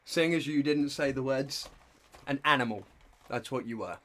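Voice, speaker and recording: A man's voice: medium pitch, normal speed, a bit bright. A man streaming reaction commentary, blunt and scornful in his remarks.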